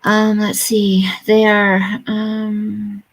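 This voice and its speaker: A woman in her fifties talks to her viewers in a loose, gossipy chat, speaking bluntly about whatever comes to mind. Her voice sits at an ordinary pitch with a gravelly, fry-laden edge. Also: completely flat delivery, very slow, poor audio. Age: 50s. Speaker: vlogger.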